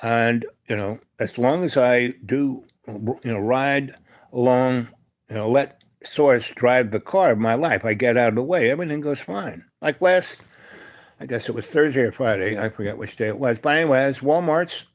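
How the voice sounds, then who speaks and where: A man hosting a live stream, telling a meandering personal story full of fillers and asides, sometimes dropping to a soft, hushed voice. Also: medium pitch, moderate pace. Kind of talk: rambling storytelling monologue.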